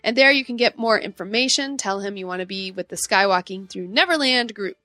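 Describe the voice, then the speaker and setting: A woman co-hosting a podcast in casual chat, bubbly and excitable as she reads out announcements. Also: mid-range voice, a little fast, no room sound. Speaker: podcast co-host.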